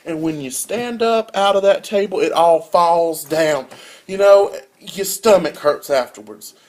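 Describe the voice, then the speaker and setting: A young man, a college student telling a comic rant as a casual vlog with big swings in pitch and loudness. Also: a little slow. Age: young adult. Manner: animated storytelling with wide swings in pitch and loudness.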